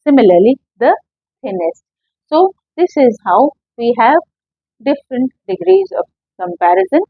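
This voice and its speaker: Patient female English teacher, higher voice, dry lo-fi classroom-lesson recording. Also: big pitch swings, normal speed, breathy edge, no echo. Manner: patient, explains step by step with questions to students.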